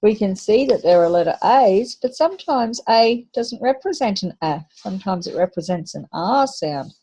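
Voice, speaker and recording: A woman's voice: mid-range voice, animated, normal speed, dark tone, husky. A woman teacher giving a patient phonics lesson to young children, sounding out letters and words.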